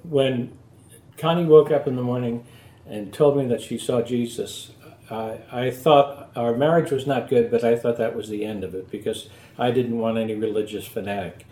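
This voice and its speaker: A man's voice: medium pitch, fairly even intonation, warm tone. Reflective man in a roomy space. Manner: reflective, halting repetitions. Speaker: guest giving testimony. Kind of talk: personal testimony interview.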